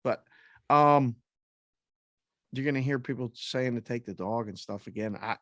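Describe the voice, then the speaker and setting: A man co-hosting a sports betting podcast, talking in an animated, jokey way about game lines. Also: mid-range voice, a little slow, no echo, clean studio sound. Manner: animated, jokey, self-mocking. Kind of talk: casual sports betting chat.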